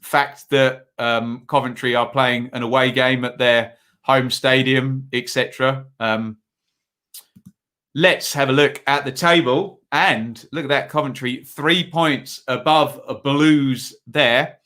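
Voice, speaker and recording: A man's voice: mid-range voice, steady tone, takes it slowly, sharp tone. A man hosting a casual football preview livestream, chatty and reading viewer comments aloud with lots of filler words.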